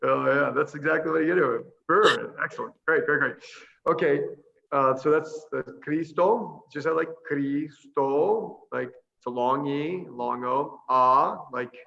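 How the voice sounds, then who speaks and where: A middle-aged man, a priest, chatting casually over a video call and patiently teaching a short phrase, slowing down to spell out each sound. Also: on the high side, vocal fry, lo-fi sound. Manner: warm, chatty, laughs easily, slows down to spell out sounds. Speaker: priest and missionary guest.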